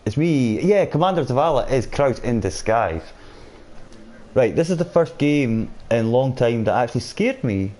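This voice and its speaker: While playing a game on stream, a man reads out viewer comments and chats with them casually. He speaks expressively at normal speed, with a mellow, mid-range voice.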